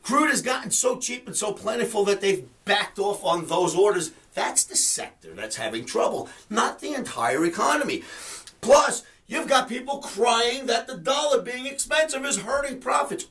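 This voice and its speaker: Ranting with animated energy at a moderate pace, a man runs his trading commentary webcast as educator and host, scoffing at people he disagrees with. His voice is very high and fairly bright, and the mic sits at a distance.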